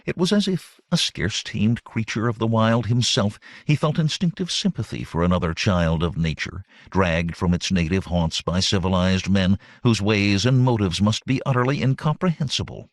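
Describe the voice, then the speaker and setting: Low-voiced male audiobook narrator. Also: normal speed, hardly any pauses, no room sound, clean studio sound. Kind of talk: scripted narration.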